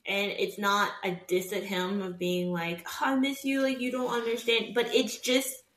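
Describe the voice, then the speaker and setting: A woman's voice: medium pitch, normal speed. A woman in her twenties chatting candidly on a podcast, laughing often and acting out what others said. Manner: candid, laughing, animated storytelling with quoted voices. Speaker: podcast co-host. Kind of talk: casual chat. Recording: echoey room.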